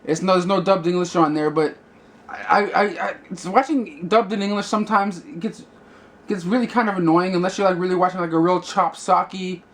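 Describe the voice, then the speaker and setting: Casual male movie reviewer, higher voice, loose and rambling, lots of fillers. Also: fairly even intonation, fairly quick, a bit bright. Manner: rambling, many fillers and restarts.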